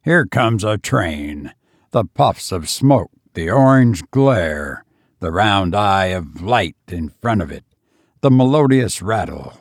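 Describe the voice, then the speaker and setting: Male narrator doing a brooding ironmaster: slow, gravelly, grimly gloating. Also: low voice, sing-song, no echo, clean studio sound, voice pushed down, heavily acted. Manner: loquacious, showing off with grim relish. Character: brooding, menacing male ironworks master.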